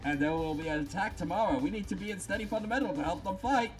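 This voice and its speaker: A man's voice: high-pitched, fast, soft background music, voice pushed up, natural voice, low-quality recording. A man voicing an arrogant, brainy young female scientist who lectures and talks down to others, reading a game script aloud. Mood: brisk. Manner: condescending, lecturing.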